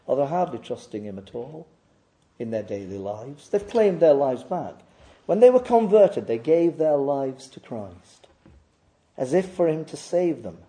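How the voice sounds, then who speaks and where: A man preaching a sermon, swinging between loud emphatic declarations and quieter reflective passages. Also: medium pitch. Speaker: pastor.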